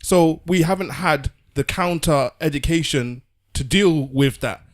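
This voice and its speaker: A man's voice: fairly high pitch, measured pace. Guy on a podcast, earnest, keeps restarting his words while he makes his case. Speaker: podcast co-host. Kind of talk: casual discussion.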